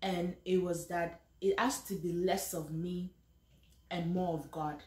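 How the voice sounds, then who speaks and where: A woman's voice: lowish voice, fairly even intonation, measured pace. A young woman with a Nigerian accent telling a personal story in a chatty, earnest way, often repeating and restarting phrases. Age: young adult. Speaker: vlogger. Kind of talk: personal storytelling with faith reflection. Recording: echoey room with faint ambience.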